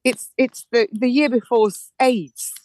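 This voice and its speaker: A woman's voice: fairly high pitch, steady tone, slow pace, darkish tone, no room sound, poor audio. A woman in her forties, a guest in an interview, telling her story emphatically with frequent restarts. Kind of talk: casual interview chat.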